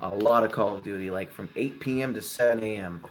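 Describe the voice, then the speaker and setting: A man's voice: fairly low pitch, a little fast. A young man in his twenties hosting a casual live stream, chatting with viewers and giving friendly advice.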